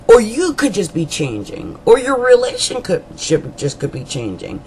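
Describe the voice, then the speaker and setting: A woman reads a monthly horoscope in an informal, rambling way, dropping jokes and asides as she goes. Her pitch swings widely from phrase to phrase, and she repeats key lines for emphasis. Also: sing-song, unhurried, a little hiss or hum, poor audio. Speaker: astrologer. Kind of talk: monthly horoscope reading to camera.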